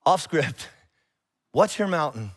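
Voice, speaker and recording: A man preaches from a church stage, his voice sitting a little higher than most men's. He talks like he is chatting with the room, animated and frank, and he often acts out both sides of a conversation. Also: slow pace. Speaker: pastor. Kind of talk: sermon. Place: church auditorium.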